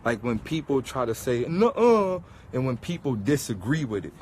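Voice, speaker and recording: A man's voice: mid-range voice, fairly quick, a little hiss or hum. A man in a casual rant monologue, talking emphatically and repeating rhetorical questions over and over. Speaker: vlogger.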